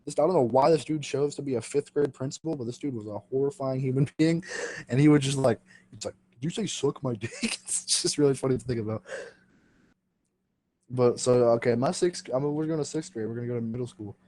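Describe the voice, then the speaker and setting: A man's voice: medium pitch, a little fast, darkish tone. A young man hosting a podcast, casually telling a school story with lots of fillers, swearing and laughter. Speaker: podcast host.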